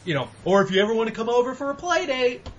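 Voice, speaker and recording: A man co-hosting a casual gaming podcast, talking animatedly, swearing and mock-yelling at games. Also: very high voice, sing-song, quick pace, dull audio, crowd noise. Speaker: podcast co-host.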